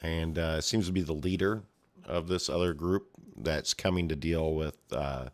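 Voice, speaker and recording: A low-voiced man chats casually as he pages through a comic, narrating the action in a loose, rambling way. He tosses in his own mouth sound effects and offhand asides as he goes. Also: fairly even intonation, a little slow. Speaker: comic reader and commentator. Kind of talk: casual read-along commentary.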